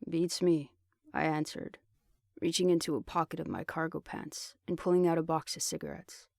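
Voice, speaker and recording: An audiobook reader narrates a first-person story in a steady tone, moving a little fast. His gravelly voice sits a bit high for a man, and the recording is dry, close to the mic, with no room sound.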